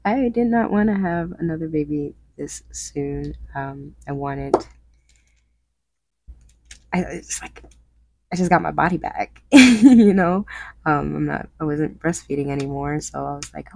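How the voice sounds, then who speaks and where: Low, gravelly-voiced woman chatting while crafting. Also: slow, pauses often, darkish tone, no echo. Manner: chatty, laughs often, restarts sentences. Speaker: crafter vlogger. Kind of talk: casual chat while crafting.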